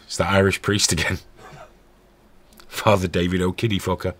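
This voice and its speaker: A man's voice: low voice, little pitch movement, moderate pace, long pauses, fairly bright tone. A man hosting a stream with angry, profane, sarcastic ranting commentary. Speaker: host.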